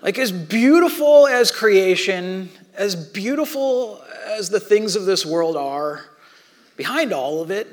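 A man preaching a sermon in a conversational way, swinging between loud and hushed. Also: sits high, lively intonation, slow pace. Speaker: pastor.

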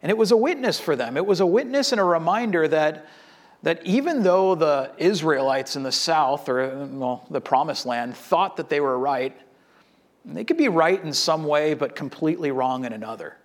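A man preaching a sermon in a conversational, animated way, acting out the people in the story. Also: fairly high pitch, normal speed. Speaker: pastor.

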